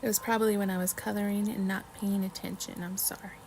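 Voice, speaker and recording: Chatty woman with a gravelly voice. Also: medium pitch, little pitch movement, fast talker, darkish tone, a little hiss or hum, low-quality recording. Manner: chatty, apologetic, reads trivia questions to chat. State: mouth full of chocolate at times. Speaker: livestream host. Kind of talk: casual livestream chat while crafting.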